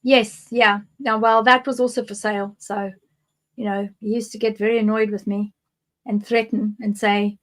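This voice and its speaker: A woman's voice: fairly high pitch, steady tone, normal speed. A woman from South Africa with a South African accent, a guest psychic giving candid, rambling personal testimony in an interview.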